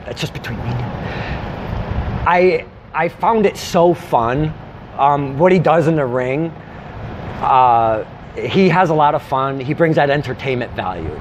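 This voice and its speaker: A man hosting a casual wrestling interview, excitable and laughing often. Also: mid-range voice, unhurried, a little hiss or hum. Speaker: interview host, wrestling commentator.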